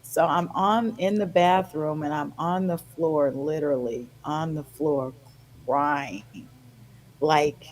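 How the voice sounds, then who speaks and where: A woman's voice: deep voice, takes it slowly, poor audio. An older woman guest on a podcast, telling a personal story with feeling and acting out the voices in it. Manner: animated, acts out quoted voices.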